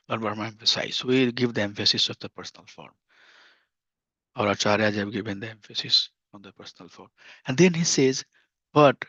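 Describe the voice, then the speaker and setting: An earnest man gives a scripture class in a steady teaching tone. He often repeats his key phrases. The sound is dry and muffled, like a lo-fi recording. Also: on the low side, brisk, breathy edge, dry recording.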